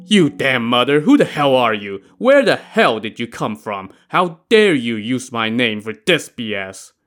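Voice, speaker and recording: A man doing a loud, gruff bandit hero. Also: mid-range voice, lively intonation, unhurried, soft background music. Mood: angry. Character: fearless hot-tempered male bandit hero.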